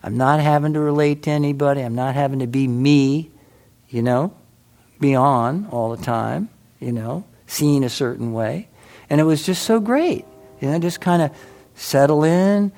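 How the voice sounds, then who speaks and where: A man's voice: on the high side, moderate pace, a little mellow. A middle-aged man giving a casual, rambling personal talk at a meditation center, full of restarts and "you know.".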